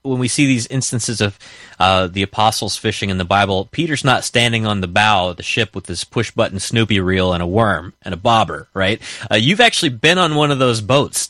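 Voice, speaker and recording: Bright-voiced male talk show host. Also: lowish voice, no room sound. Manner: conversational, with frequent fillers. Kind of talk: faith talk show conversation.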